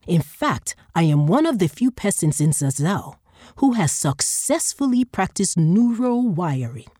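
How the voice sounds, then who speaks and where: A woman's voice: on the low side, sing-song, a little slow, dark tone, dry recording, clean studio sound, voice pushed up. A woman voicing a boastful male flesh worker who talks in a wheedling way.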